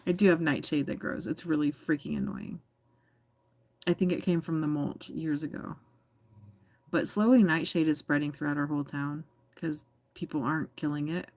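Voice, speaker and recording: American woman streamer, low voice, giggly, teasing, dry close sound, casual chat. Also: fairly even intonation, moderate pace, darkish tone, dry recording. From United States. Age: adult. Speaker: livestream host reading chat.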